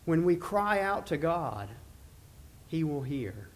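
Guy giving a sermon, bit higher voice, leans hard on the scripture lines. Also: sing-song. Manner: reads scripture slowly and emphatically. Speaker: preacher.

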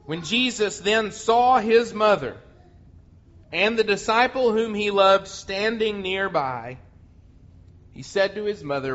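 Male pastor, fairly high voice, slow deliberate sermon delivery, muffled lo-fi audio. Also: a bit bright. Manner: slow, earnest preaching with repeated restarts. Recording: muffled lo-fi sound.

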